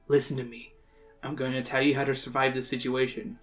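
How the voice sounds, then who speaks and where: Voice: mid-range voice, level tone, brisk, soft background music. A podcast host reading a choose-your-own-adventure book aloud, dramatic and playful. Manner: dramatic reading that breaks into laughs and jokes.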